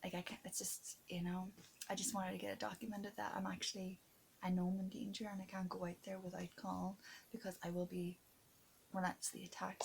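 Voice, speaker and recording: A woman recording an emotional video diary, earnest and stressed, close to tears, halting often with fillers and restarts and sometimes dropping to a whisper. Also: medium pitch, level tone, gravelly, slight background noise. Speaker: vlogger keeping a video diary.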